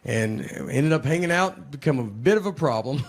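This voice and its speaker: A man from Tennessee with a Southern accent doing a stand-up comedy set, telling stories in a deadpan, low-key way, with audience laughter behind him. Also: normal speed, gravelly.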